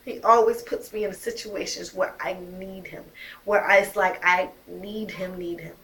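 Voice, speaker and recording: Heated bright-voiced young woman storyteller. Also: medium pitch, steady tone, moderate pace, gravelly. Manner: emphatic, heated, swears often. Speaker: mother telling her own story. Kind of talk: emotional personal storytelling.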